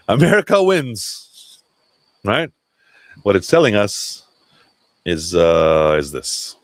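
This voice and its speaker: A man's voice: deep voice, dry recording. A man hosting a casual livestream chat, talking loosely with swearing and restarts. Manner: loose, profane, self-interrupting. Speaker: livestream host.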